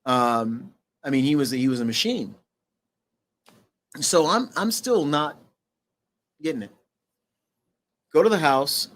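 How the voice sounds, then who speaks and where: A middle-aged man with a slightly high voice is a guest on an interview show. He tells a personal story in a halting way, restarting and using fillers, and goes quieter at the heavy parts.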